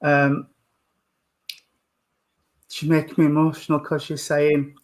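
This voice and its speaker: Gentle man giving a mediumship reading. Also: a little high, monotone, slow, long pauses. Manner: gentle, calls people sweetheart and darling.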